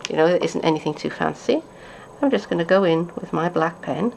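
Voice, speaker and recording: Low, gravelly woman demonstrating crafts. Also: fairly quick, a little mellow, slight background noise. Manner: chatty, thinking aloud while working. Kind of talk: card-making tutorial.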